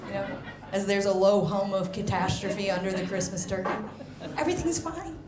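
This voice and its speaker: A woman performing a stand-up comedy set, animated, jumping into loud high mock voices for punchlines. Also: a little fast, crowd noise. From United States. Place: comedy venue stage. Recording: echoey live venue, faint ambience.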